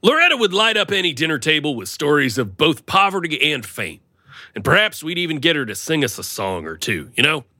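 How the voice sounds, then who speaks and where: A man's voice: a little high, very animated, fairly quick, sharp tone, no echo, studio quality. A man co-hosting a podcast, chatting casually and playfully, often slipping into silly voices for a bit. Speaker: podcast co-host. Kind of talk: casual comedic chat.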